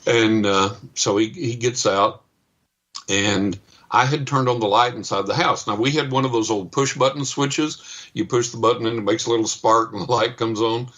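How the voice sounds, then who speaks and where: A middle-aged man telling a story as a guest on a radio interview, animated and acting out the other people's lines. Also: medium pitch, moderate pace. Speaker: psychic and paranormal investigator, guest.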